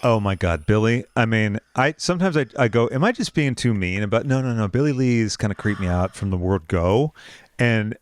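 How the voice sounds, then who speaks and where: A man hosting a podcast in casual chat, talking quickly and acting out his own remarks in little quoted asides. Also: fairly low pitch. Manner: chatty, quotes himself in animated asides. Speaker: podcast host.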